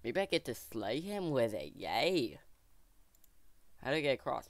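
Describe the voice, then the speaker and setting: A man hosting a let's play video, thinking aloud to his viewers in a jokey, excitable way. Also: mid-range voice, unhurried, long pauses, no echo. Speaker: gaming channel host.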